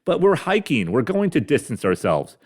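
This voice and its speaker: A man's voice: mid-range voice, wildly swooping pitch, moderate pace. A middle-aged man grumbling through a profane, rambling comedic rant as a podcast host, talking carefully after mouth surgery. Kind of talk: ranting comedic monologue.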